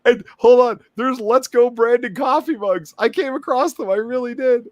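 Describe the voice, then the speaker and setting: A man's voice: very high-pitched, moderate pace, lo-fi sound. A man co-hosting a casual talk show, telling a story with heavy sarcasm. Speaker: podcast co-host. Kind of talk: casual political chat.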